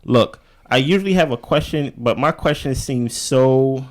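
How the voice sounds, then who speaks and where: A man co-hosting a casual TV recap show, talking in an animated way with quick asides and frequent laughs. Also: mid-range voice. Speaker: podcast co-host.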